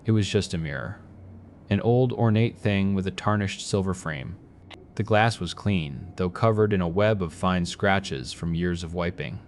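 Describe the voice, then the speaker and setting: A man reads a horror story in a very deep voice. His delivery is measured and grim, with a faint hiss of noise behind him. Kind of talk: scripted horror narration.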